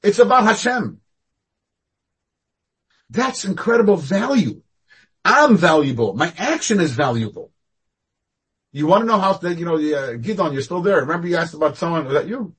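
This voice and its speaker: A man giving a Torah class over a video call, talking animatedly with sudden jumps up and down in pitch and loudness. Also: animated, moderate pace, long pauses, husky. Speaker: rabbi teaching a class.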